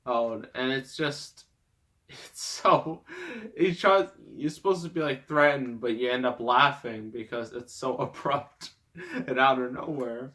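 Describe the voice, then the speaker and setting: A man's voice: medium pitch, unhurried, sharp tone. A man hosting a casual movie review rant, exasperated and rambling, often breaking into laughter. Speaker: movie reviewer, host of the show.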